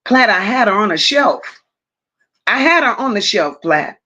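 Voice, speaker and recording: Very animated and a little slow, a woman with a medium-pitched, bright, forceful voice hosts a casual livestream. She greets viewers and reads their comments bluntly but fondly, using "my love" and "boo."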